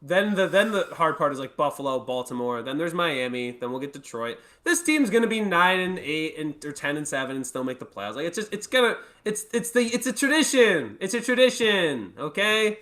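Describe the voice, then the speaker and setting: A man's voice: fairly high pitch, very animated, brisk, hardly any pauses, fairly bright tone. A man hosting a casual sports talk show, rambling and bantering with sarcasm. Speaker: host.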